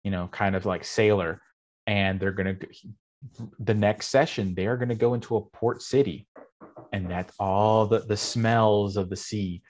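Rambling, animated man chatting. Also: lowish voice, moderate pace. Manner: rambling, animated storyteller with many fillers. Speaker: game master and guest. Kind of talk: casual podcast chat.

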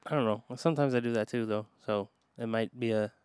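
A woman co-hosting a podcast, her voice remarkably deep and low, delivering dry, deadpan jokes in easy chat. The recording is dry and close. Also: fairly quick, smooth, dry recording. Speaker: podcast co-host. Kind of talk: casual chat.

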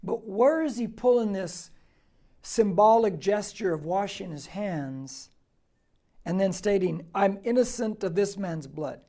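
A male pastor, high-voiced and expressive, teaches a Bible passage verse by verse at a slightly slow pace. His emphatic style mixes rhetorical questions with shifts from quiet asides to loud, stressed statements.

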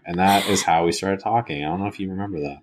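A young man with a very low voice hosting a loose podcast conversation. He jokes, swears casually and acts out other people's lines. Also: fast talker, noisy background. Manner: joking, swears freely, acts out quoted dialogue. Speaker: podcast host. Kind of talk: casual chat.

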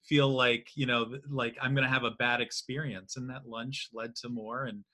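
A man hosting a casual interview, asking long rambling questions full of hedges and trailing off quietly. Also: mid-range voice, flat delivery, normal speed. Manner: rambling, many fillers and restarts, trails off quietly. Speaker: podcast host.

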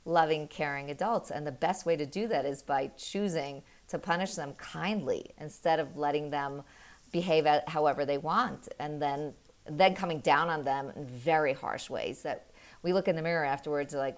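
A middle-aged woman and mother explaining parenting in an earnest, animated way, telling stories with quick laughs. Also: low-pitched. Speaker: parenting guest. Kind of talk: conversational explaining.

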